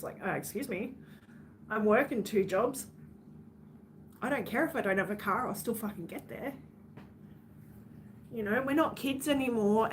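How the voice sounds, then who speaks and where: A fairly high-voiced Australian woman speaks on a casual livestream. She is blunt and swears freely as she vents to her viewers. A faint hiss sits under her voice.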